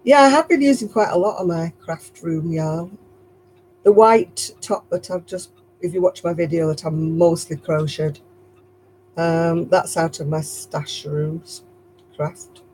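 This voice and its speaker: A woman's voice: on the low side, measured pace, darkish tone, slight background noise, low-quality recording. A woman with a Lancashire accent hosting a casual live stream while she crochets, chatty and rambling, chuckling at herself. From Lancashire, England.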